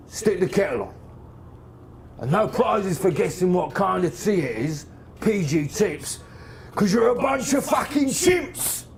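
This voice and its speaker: A man's voice: high-pitched, gravelly, slight background noise, heavily acted. An actor playing a foul-mouthed, bossy Cockney man who swears and barks orders. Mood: gruff. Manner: swearing, barking orders, threatening. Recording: clip with loud music behind.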